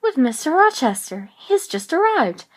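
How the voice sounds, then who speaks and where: A woman voicing a brisk, fussy older housekeeper who chatters about the household. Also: high-pitched, very animated, voice pushed up. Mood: fussing.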